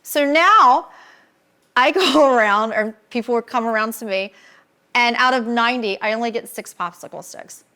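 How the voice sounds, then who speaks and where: A middle-aged woman, a podcast guest, telling a long story in casual chat, animated and acting out other people's lines. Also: fairly high pitch, normal speed.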